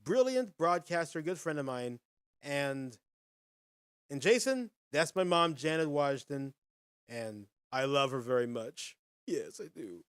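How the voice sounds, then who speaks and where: A man hosting a live podcast with a lively, bouncing delivery that swings up and down in pitch. His voice sits a little higher than most men's. The sound is dry and close, with no room around it. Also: measured pace, no echo. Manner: animated, folksy, addresses viewers directly. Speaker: podcast host. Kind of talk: casual live-stream chat and quiz.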